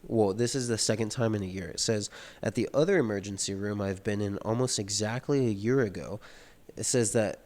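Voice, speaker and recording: A man's voice: on the low side, fairly quick, darkish tone. A man reading a novel aloud and talking through it in a loose, casual way, with lots of fillers. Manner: reads passages aloud then explains them loosely, many "like" fillers. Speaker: book reader and commentator. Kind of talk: casual read-along commentary.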